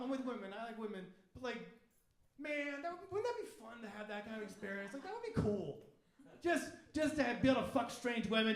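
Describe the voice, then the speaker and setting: A man performs stand-up in a comedy club, his voice sitting high and lively. He talks crudely and acts out little voices. The club room gives his mic a roomy echo, with laughter from the crowd. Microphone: handheld stage mic. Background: audience laughter.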